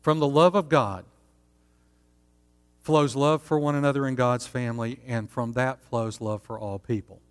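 A man preaching a sermon as pastor, earnest and steady, often asking his listeners rhetorical questions. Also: mid-range voice, moderate pace, smooth, long reverb tail.

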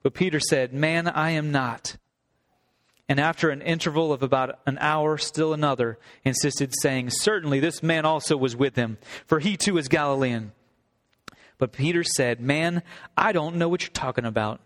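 A man's voice: on the high side, moderate pace, a bit bright. A male pastor delivering a sermon, reading scripture aloud and then expounding on it earnestly. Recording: long hall reverb.

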